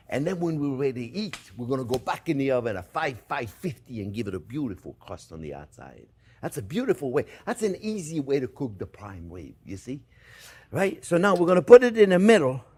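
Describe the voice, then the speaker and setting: A man hosting a cooking show, chatting through a cooking demonstration while he works and often calling the viewers friends. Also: medium pitch. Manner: lively, talks while working with his hands.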